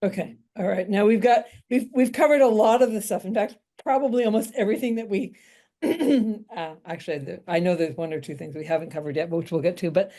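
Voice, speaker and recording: A woman moderating a panel discussion, losing her voice and clearing her throat as she asks open questions. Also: mid-range voice, brisk, mellow.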